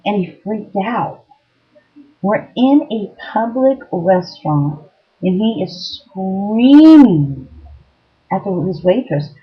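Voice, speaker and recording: A woman telling a story to camera in a casual, blunt way, swearing freely and filling pauses with ums. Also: mid-range voice, sing-song, dark tone, dull audio. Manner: blunt, profane, lots of ums. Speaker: vlogger giving dating advice.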